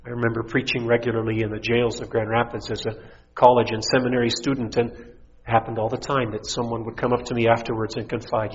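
A man's voice: mid-range voice, steady tone, brisk, in a large hall. A middle-aged man, a pastor, preaching a sermon with rising intensity and mocking voices. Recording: dull lo-fi recording.

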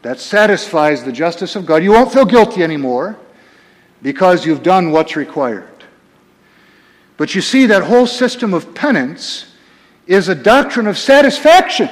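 A man preaching a sermon as pastor, emphatic, swinging between quiet and raised passages. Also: high voice, very animated, moderate pace, in a large hall.

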